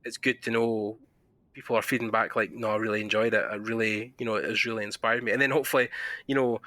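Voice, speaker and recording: A man with a Scottish accent hosting a podcast interview, chatting casually and telling animated stories. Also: fairly low pitch, fast talker, no echo. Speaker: podcast host.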